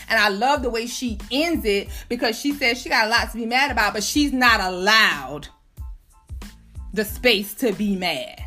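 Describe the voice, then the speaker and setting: Woman ranting on her podcast, slangy and profane, bright sharp voice. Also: mid-range voice. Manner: venting, blunt and profane, slangy. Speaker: podcast host. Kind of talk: casual podcast monologue.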